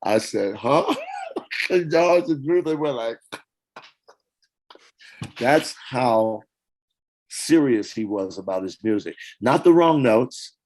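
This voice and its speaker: An older man in a casual interview, telling stories with lively acted-out quotes and hummed parts. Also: medium pitch, takes it slowly, pauses often, low-quality recording. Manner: animated storyteller, acts out quotes and hums parts. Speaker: interview guest, former band singer.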